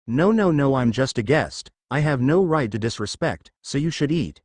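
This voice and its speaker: A man's voice: mid-range voice, lively intonation, moderate pace, darkish tone, dry recording, lightly acted. A man voicing a shy, polite teenage boy who stammers when flustered, in a fan fiction reading. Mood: earnest. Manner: stammering, earnest.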